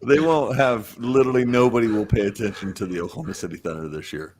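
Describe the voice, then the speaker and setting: A man's voice: medium pitch, fast talker, darkish tone. A man co-hosting a casual sports podcast, asking wry, teasing questions. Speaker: podcast co-host.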